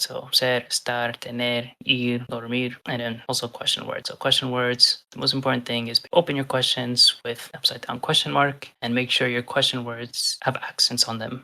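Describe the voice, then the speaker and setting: Man, language teacher, online lesson, patient explaining, fry in the voice, bright tone. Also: mid-range voice. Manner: patient explaining, with frequent reminders and restarts. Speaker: Spanish teacher.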